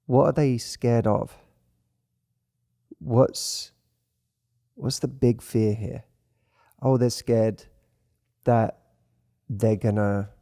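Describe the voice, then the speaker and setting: A man, the host, talking through dating fears in a reflective, gentle way. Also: lowish voice, vocal fry, no room sound, clean studio sound. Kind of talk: conversational advice.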